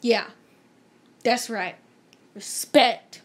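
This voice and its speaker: A woman's voice: a little high, extremely slow. A young woman vlogger telling a story-time tale in a chatty, emphatic way, acting out the dialogue.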